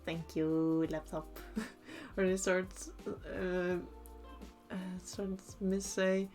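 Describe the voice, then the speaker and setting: A woman's voice: fairly low pitch, steady tone, extremely slow, a little mellow, faint music behind. A young woman streaming while she crafts, chatting casually, giggling often and hesitating with many restarts.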